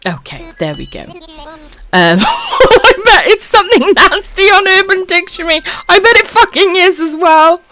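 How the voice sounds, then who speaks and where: A woman's voice: very high voice, very animated, a little slow, bright, forceful tone. A Welsh woman chatting on a live stream, her voice bouncing all over the place as she reads comments. She calls everyone darling, swears freely and giggles between lines, speaking into a desk microphone. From Wales. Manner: affectionate, swears freely, laughs often. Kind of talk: casual live-stream chat reading comments.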